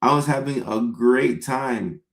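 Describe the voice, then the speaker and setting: A man's voice: mid-range voice, measured pace, creaky. A young man, a comedian host, riffing casually with viewers and slipping into mock-pleading voices for his bits. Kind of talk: casual comedic riff to chat. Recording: echoey room.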